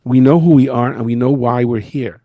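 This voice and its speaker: A man, a rabbi, giving a storytelling lecture from his office in a school, telling stories in an animated way. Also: mid-range voice, normal speed, dry recording, narrow, tinny audio. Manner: animated storyteller who acts out the people he quotes.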